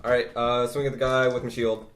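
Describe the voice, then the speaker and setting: A man's voice: mid-range voice, flat delivery, a little fast, heavy background noise. A man playing a tabletop game, laid back and joking as he calls his moves. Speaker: player. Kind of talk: casual tabletop game play.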